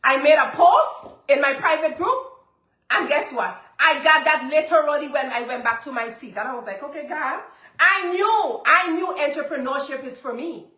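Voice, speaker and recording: Woman host, animated and repetitive storyteller, echoey room. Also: high-pitched, moderate pace. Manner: animated storytelling, repeats phrases for emphasis. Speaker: business coach and livestream host. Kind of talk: casual testimony to a live audience.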